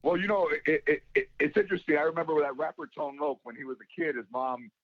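Gravelly guy chatting in an interview, dry close sound, kinda dull lo-fi audio. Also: on the high side, animated, fast talker, dry recording. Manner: storytelling, acts out quoted voices. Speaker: guest, comedian and actor. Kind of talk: casual interview talk.

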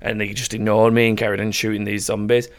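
A man's voice: on the low side, little pitch movement, fast. Laid-back guy rambling through a story. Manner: rambling, laughing storyteller who swears freely. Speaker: podcast host. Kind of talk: casual chat.

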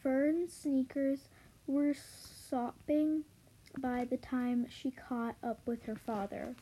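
A woman's voice: high voice, little pitch movement, slow pace, dark tone, a little hiss or hum, rough recording. A woman reading a children's book aloud, hesitant, with stumbles and fillers. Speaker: reader.

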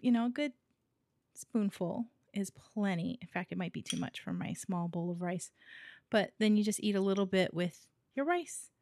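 A woman's voice: medium pitch, expressive, normal speed, a little mellow. A woman from Hawaii co-hosting a podcast in a casual, giggly chat full of fillers. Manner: chatty, giggly, with many fillers. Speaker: podcast co-host.

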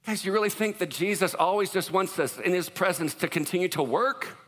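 A male pastor preaches a conversational sermon with jokes and asides, his voice bright and a little raised. He keeps questioning the congregation. A long hall reverb trails after his words. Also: high voice, a little fast, few pauses. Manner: conversational, joking, asks the crowd questions.

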